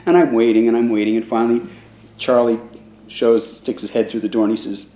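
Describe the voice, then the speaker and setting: A man's voice: medium pitch, fairly quick. Older man telling a story in an echoey room. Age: 60s. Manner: relaxed, rambling delivery with restarts, acting out other people's voices in quotes. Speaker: trombone player recounting his band's start. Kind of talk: casual spoken storytelling.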